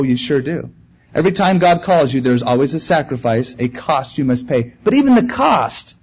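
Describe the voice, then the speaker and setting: A man preaching in a relaxed, conversational way, earnest and plain, his voice husky and a little higher than most men's. The recording is dull and lo-fi, like an old tape made in a church room. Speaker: pastor. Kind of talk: sermon. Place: church room before a congregation.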